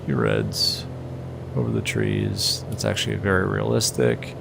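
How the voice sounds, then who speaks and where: A man's voice: rumbling low, sing-song, a little slow, creaky, noisy background. A man giving chatty, self-mocking live commentary as a flight sim streamer, laughing often at himself.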